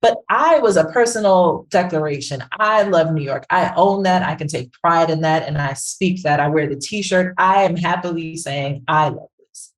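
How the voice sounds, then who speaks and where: A woman co-hosting a podcast, giving animated, conversational commentary and often checking in with "right?". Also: on the low side, normal speed, hardly any pauses, low-quality recording. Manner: animated, keeps asking "right?". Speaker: podcast co-host, branding professional.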